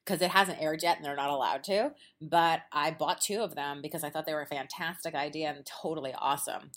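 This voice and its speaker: Podcast host, woman, lively chatty storyteller, voice on the low side. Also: brisk. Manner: animated storyteller, acts out quotes, laughs often. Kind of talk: casual chat. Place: at a quilt show.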